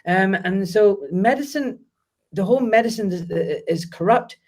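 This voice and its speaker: A middle-aged man talking as a guest doctor in a casual interview, animated and emphatic, swearing freely. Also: high voice, normal speed.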